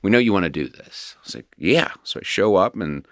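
A man's voice: deep voice, expressive, fast, no room sound, studio quality. A man talking candidly about his past in an open, self-deprecating way, as a guest in conversation.

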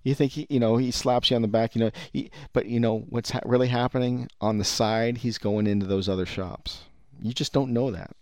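A man's voice: medium pitch, fairly even intonation, brisk, a little mellow, no room sound, studio quality. A man giving ranting commentary on the vape business, rambling and profane with many restarts.

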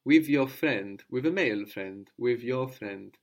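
A man's voice: mid-range voice, animated, measured pace. A man teaching a language lesson, patiently explaining grammar step by step and prompting his student to answer.

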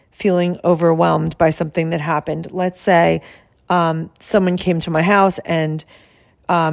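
A woman health coach who explains her service in a soft, calm and soothing way and guides slow breathing. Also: lowish voice, gravelly.

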